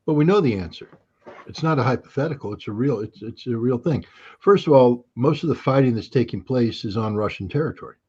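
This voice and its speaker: A man talks as a guest commentator on a geopolitics livestream. His voice is husky, and his delivery is blunt, sardonic and emphatic. The audio is muffled and lo-fi. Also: mid-range voice, animated, a little fast, darkish tone.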